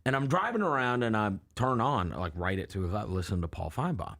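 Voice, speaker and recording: A man's voice: on the low side, a little fast. A man in sports radio, chatting in studio and laughing his way through a story. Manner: laughs through his stories, quotes others flatly. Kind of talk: casual studio chat.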